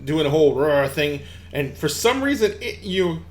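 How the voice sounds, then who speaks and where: Rambling game master, fairly high voice. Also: male voice, very animated, moderate pace, a little hiss or hum. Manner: rambling, many fillers and restarts. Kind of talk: narrating a tabletop game.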